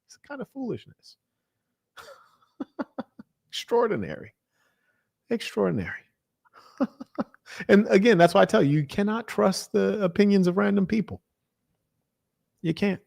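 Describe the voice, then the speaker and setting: A man's voice: high voice, measured pace, gravelly, long pauses, dry recording, studio quality. An American man telling a story and ranting on a stream, mocking and acting out the dialogue. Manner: animated, mocking, acts out dialogue. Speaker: livestream host. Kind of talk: casual storytelling rant.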